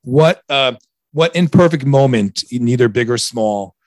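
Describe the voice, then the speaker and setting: A man's voice: medium pitch, expressive, a little slow, dry recording, studio quality. A man in his thirties hosting a casual chat, joking and rambling, often stumbling over his words. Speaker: podcast host.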